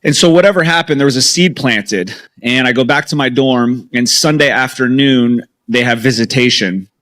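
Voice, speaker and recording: A man's voice: mid-range voice, normal speed, a bit bright. A man in his thirties, a podcast guest, candidly retelling his past in an emotional, story-driven way with lots of quoted dialogue. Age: 30s. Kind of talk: storytelling interview.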